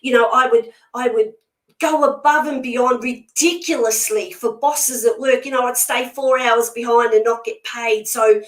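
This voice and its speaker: A woman's voice: fairly high pitch, fairly even intonation, normal speed. A woman speaking as a spiritual medium guest in a casual conversation, blunt, emphatic and outspoken. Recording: echoey room sound.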